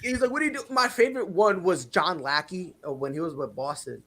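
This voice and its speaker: A husky-voiced man with a fairly high voice hosts a sports talk show. He tells animated stories and jumps into other people's lines as he goes. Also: brisk. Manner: animated storyteller, acts out players' quotes.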